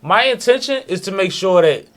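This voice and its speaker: A man talking in a fairly high voice, bold and emphatic. He lays out his points with slang and everyday examples in casual podcast banter. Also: expressive, moderate pace, a bit bright. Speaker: podcast co-host.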